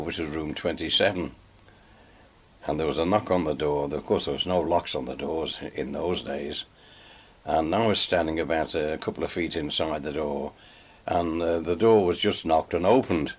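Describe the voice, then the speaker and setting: An older man with a deep, husky voice tells a story from his past, unhurried, dropping to quiet asides. It is an archive oral-history interview. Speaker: interviewee recalling holidays.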